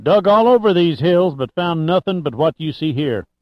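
A man voicing an excitable older Texan store owner who talks high and eager, in a dull lo-fi recording. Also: moderate pace, no echo, lightly acted. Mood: excited.

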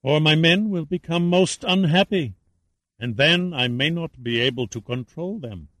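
A man voicing a menacing Peruvian male killer who speaks with icy calm. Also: a little high, unhurried, dry recording, pitched above the performer's own voice.

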